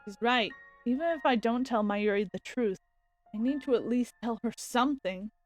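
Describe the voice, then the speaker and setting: A woman streamer reads a visual novel aloud and breaks into excited reactions. Her voice is high and expressive. Faint background music sits under her. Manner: expressive, quick to exclaim.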